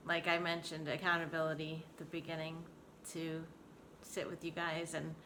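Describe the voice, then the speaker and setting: A woman's voice: low voice, monotone, moderate pace, background noise. A woman in her forties talking candidly to her home vlog audience, open and emotional, often close to laughing. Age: 40s. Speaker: vlogger. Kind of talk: casual personal vlog talk.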